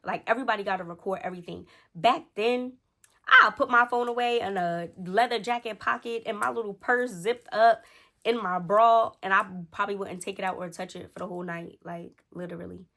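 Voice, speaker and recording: A woman in her thirties telling a story in casual chat, talking straight to her viewers and animated in the retelling. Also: mid-range voice, fairly quick, vocal fry. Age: 30s. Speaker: storytelling vlogger.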